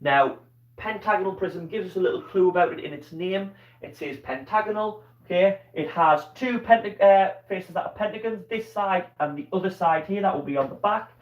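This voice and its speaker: A man's voice: sits high, moderate pace. A man with a Scottish accent teaching a live online maths lesson, explaining patiently step by step and checking in with "okay?". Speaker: primary school teacher. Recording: dull, roomy sound from a distance.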